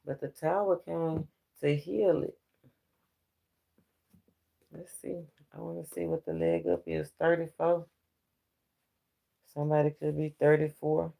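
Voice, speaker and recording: Man, tarot reader, casual spiritual reading, fairly high voice, slow delivery, preachy, speaks to viewers. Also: animated, gravelly, warm tone.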